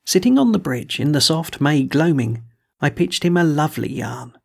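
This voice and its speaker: Male audiobook narrator with a measured, gravelly, husky read. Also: a little high, very animated, a little mellow. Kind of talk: scripted narration of a novel.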